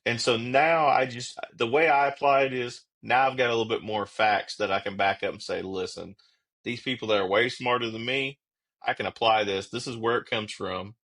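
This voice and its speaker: A man who is a police officer and podcast guest, explaining his views in a steady, reflective way. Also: mid-range voice, normal speed. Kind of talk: casual conversational interview.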